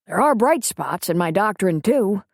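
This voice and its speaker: A woman voicing a weary older country doctor in an audiobook reading, quiet and matter-of-fact. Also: mid-range voice, lively intonation, a little slow, dry recording, studio quality. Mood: resigned.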